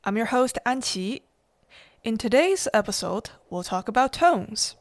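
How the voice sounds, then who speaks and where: A woman hosting a language podcast, slowly demonstrating Mandarin tones with patient pauses for repetition. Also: fairly high pitch, animated, no room sound. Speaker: host, Mandarin teacher. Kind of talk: slow, deliberate language lesson.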